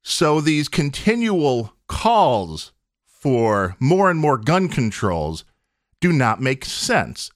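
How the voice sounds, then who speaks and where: A man's voice: mid-range voice, very animated, drawn-out words, no echo, clean studio sound. A man hosting his own podcast, arguing his opinions emphatically with rhetorical questions. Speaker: podcast host. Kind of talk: opinionated solo podcast monologue.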